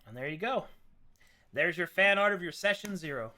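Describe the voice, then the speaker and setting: A man's voice: high-pitched, lively intonation, normal speed, a loud crowd. A man running a tabletop game as game master, talking in casual, laid-back chat and swearing freely.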